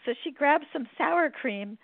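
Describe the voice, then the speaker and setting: A woman's voice: sits high, measured pace, vocal fry, dry recording. Woman telling funny stories, phone-thin. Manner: animated, laughs while telling stories. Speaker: podcast host. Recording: phone-like, dry sound.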